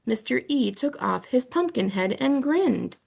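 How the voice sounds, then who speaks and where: A woman's voice: high-pitched, animated, measured pace, gravelly, darkish tone, slightly rough. A woman reading a children's book aloud in the first person, telling the story with expression. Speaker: audiobook reader.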